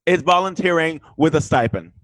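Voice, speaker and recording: A man, the guest, telling a story in a casual chat, animated and profane, loudly acting out what people said. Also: on the high side, moderate pace, no echo, rough recording. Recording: remote link.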